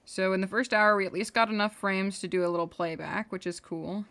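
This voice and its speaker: A young woman casually chats on a livestream while she draws animation, rambling and muttering to herself. Her mid-range voice is a bit bright, fairly quick, and fairly even in intonation.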